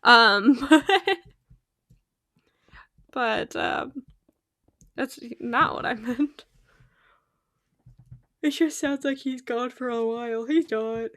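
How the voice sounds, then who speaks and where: This young woman's voice is on the high side with a fairly bright tone, and she draws out her words with long pauses. She chats casually as she plays a game on a live stream, talkative and frequently amused by her own remarks.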